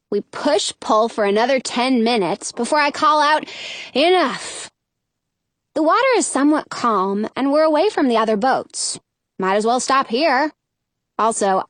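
A woman narrating a first-person children's story in an expressive, lively reading voice. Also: a little high, no echo. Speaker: audiobook narrator.

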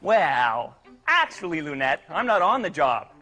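An actor voicing an excitable jolly male clown in a cartoon. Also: on the high side, a little slow, full character voice. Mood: proud. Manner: excitable and exclaiming.

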